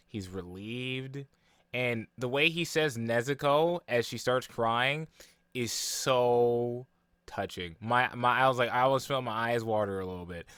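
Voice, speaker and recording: Brief: young man, bright dry voice, casual rambling reaction talk full of fillers. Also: medium pitch, smooth, no echo. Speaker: anime reaction vlogger.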